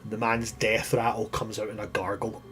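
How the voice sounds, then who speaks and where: A man's voice: lowish voice, level tone, normal speed, fairly bright tone, soft background music. Man narrating a grim tabletop game. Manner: vivid, grisly description with restarts. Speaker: game master.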